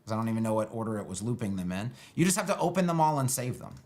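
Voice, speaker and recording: A man thinking out loud through a live web-building demo, loose and sarcastic, with lots of fillers. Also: medium pitch, very animated, rapid-fire. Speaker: web design educator building a page live. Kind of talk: casual live screen-share tutorial.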